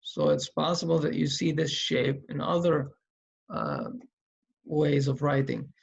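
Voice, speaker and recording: In a slow, step-by-step lesson on reading the Quran, a man patiently thinks aloud as he writes. His fairly high voice has a sing-song quality and some vocal fry.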